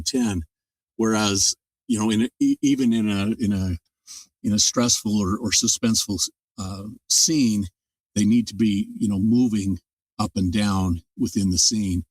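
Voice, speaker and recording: Older male narrator as guest, low-voiced, thoughtful explainer, mic a little distant, dry sound. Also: darkish tone, no echo. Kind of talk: casual interview talk.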